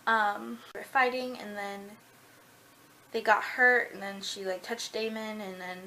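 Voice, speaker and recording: A woman's voice: medium pitch, steady tone, unhurried, pushed and bright, a little hiss or hum. A young woman reviewing a book in a casual vlog, bubbly and gushing with lots of filler words. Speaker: book vlogger.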